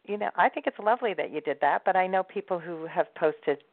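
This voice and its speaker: A woman's voice: fairly low pitch, brisk, no room sound. A woman who hosts a dating show, talking reflectively and giving advice in a podcast conversation. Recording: dry, thin phone-like sound.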